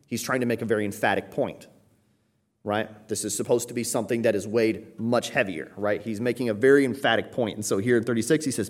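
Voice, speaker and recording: A man who is a pastor, preaching a teaching sermon and explaining Greek words, often checking in with a quick "right?". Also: on the low side. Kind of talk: expository sermon.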